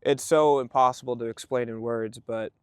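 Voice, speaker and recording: A man hosting a podcast, reacting with enthusiastic exclamations and asking questions in a relaxed, conversational way. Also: medium pitch, normal speed, smooth, no echo, clean studio sound. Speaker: podcast host. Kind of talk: casual conversational interviewing.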